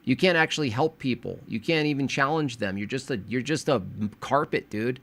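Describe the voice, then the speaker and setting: A man reacting to a podcast clip with sarcastic, mocking commentary. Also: brisk. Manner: sarcastic, mocking, jumps between deadpan and high bursts. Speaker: video reactor.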